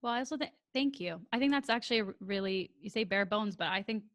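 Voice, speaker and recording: A woman's voice: medium pitch, quick pace, fairly bright tone. A woman hosting a podcast, chatting casually with a guest and giving effusive, giggly thanks, then reading the show's outro. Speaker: podcast host.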